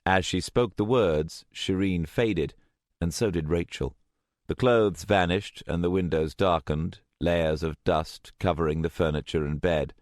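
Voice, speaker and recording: Male audiobook narrator, very deep voice, lively intonation, dry close recording. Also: a little slow, dry recording. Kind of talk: scripted narration. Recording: dry close studio sound.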